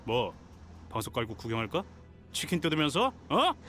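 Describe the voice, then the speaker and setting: A man's voice: medium pitch, huge pitch swings, racing, fairly bright tone, soft background music. An actor playing a brash, hot-tempered young man in a video game, with coarse and insulting talk. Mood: irritated.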